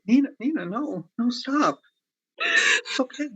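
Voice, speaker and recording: Actor as a stammering, despairing young playwright. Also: male voice, on the high side, slow, bright, forceful tone, heavily acted. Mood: pleading. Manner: stammering, pleading. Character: young playwright Konstantin, despairing, pleading, lovesick. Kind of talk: virtual play reading. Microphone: video call.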